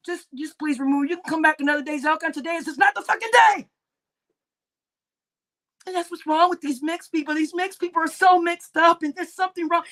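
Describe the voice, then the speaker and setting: A woman hosting a livestream, ranting angrily, swearing heavily and breaking into shouts. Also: high-pitched. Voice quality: heavy cursing, shouting bursts. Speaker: livestream host. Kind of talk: angry livestream rant.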